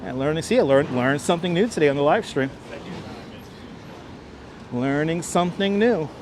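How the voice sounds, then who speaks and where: A man's voice: fairly high pitch, animated, moderate pace, background noise. Chatty man streaming a city walk. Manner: chatty, restarts phrases, thanks viewers. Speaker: livestream host. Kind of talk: casual walking-tour livestream. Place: outdoors on city streets. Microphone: wireless clip-on mic.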